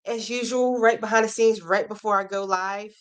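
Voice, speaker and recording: An American woman in her forties hosts a relaxed livestream from home. She chats easily with her viewers and drifts off on tangents, her voice sitting in a middle pitch. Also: moderate pace, clean tone. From United States. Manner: chatty, goes off on tangents. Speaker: livestream host. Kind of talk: casual livestream chat. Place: home with a Christmas tree.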